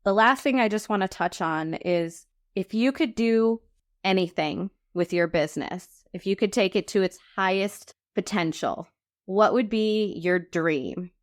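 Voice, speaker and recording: A woman's voice: medium pitch, measured pace. A woman hosting a podcast interview. She stresses her points firmly by repeating them. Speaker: podcast host. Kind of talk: conversational interview.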